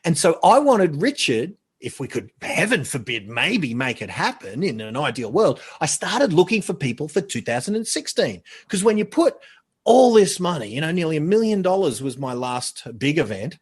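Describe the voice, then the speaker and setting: A middle-aged man spins stories on a podcast with lively enthusiasm, his voice pitched somewhat high for a man. He often stumbles and repeats words as he rushes to get the story out. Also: breathy edge. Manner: animated, chatty, repeats words when excited. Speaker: podcast guest. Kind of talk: casual storytelling chat.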